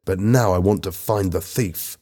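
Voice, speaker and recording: A man's voice: low voice, normal speed, mellow, big-room sound. A man voicing Bobby, a worried, earnest teenage schoolboy, close to his own voice.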